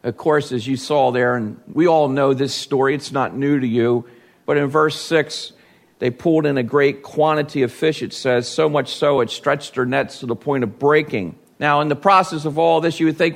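A man's voice: medium pitch, moderate pace, vocal fry. A man preaching a sermon as pastor, reading scripture and acting out quoted voices with big swings.

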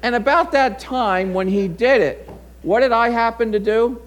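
A man's voice: very high voice, moderate pace. A middle-aged man preaching a sermon, telling a folksy personal story in a conversational way before reading scripture. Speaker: pastor.

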